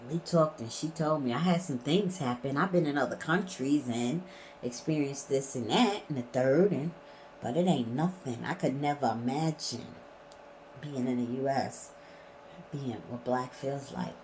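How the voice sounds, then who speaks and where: A woman's voice: extremely low pitch, a little slow, darkish tone, a little hiss or hum, low-quality recording. A woman vlogging in a casual storytelling way, blunt and emphatic, swearing freely.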